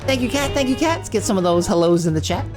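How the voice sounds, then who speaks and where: A man's voice: sits high, expressive, fast talker. A man live-streaming a game, greeting viewers in an upbeat, joking way. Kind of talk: casual live stream chat. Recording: game music playing behind.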